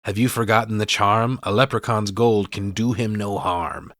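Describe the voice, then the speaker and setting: A sinister little leprechaun delivers mocking, rhyming threats, put on by a man. The voice sits low in pitch and has a dry, close sound. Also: fairly even intonation, normal speed, a bit bright, no room sound, close to an everyday voice. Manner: rhyming taunts.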